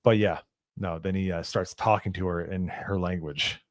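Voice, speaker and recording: A man's voice: sits low, fairly even intonation, normal speed, no echo, clean studio sound. A man co-hosting a casual movie review, adding joking, sarcastic asides.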